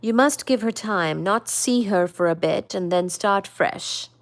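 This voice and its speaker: A woman voicing a composed but hurt young woman in a novel read aloud, quiet and restrained. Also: medium pitch, measured pace, close to an everyday voice.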